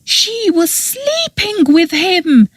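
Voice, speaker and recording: A woman's voice: extremely high pitch, very animated, extremely slow, dry recording, pitched above the performer's own voice, exaggerated voice. A woman voicing a tearful, pleading young woman. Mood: insistent. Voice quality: small, wavering voice. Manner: pleading, near tears, rising to a wail. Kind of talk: audiobook character voice.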